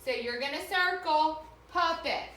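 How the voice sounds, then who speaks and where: A woman teacher giving an online reading lesson to children, slowly and clearly sounding out the vowels in each word. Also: sits high, sharp tone, echoey room.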